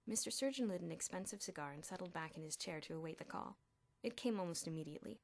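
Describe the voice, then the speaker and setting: Lively woman reading an audiobook. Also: fairly low pitch, quick pace, creaky. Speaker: audiobook reader. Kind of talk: audiobook narration.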